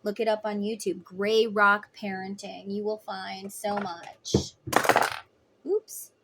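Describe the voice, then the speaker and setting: A woman's voice: medium pitch, level tone, measured pace, very noisy. A woman giving a casual tarot reading, talking in an emphatic, chatty way. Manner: emphatic, chatty, acts out voices in quotes. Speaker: tarot reader.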